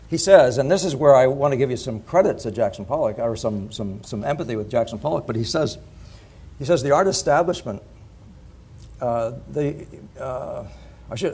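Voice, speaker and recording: A middle-aged man giving a conference talk in an animated, digressive way, laughing at his own points. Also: mid-range voice, husky. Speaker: conference speaker. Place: conference hall.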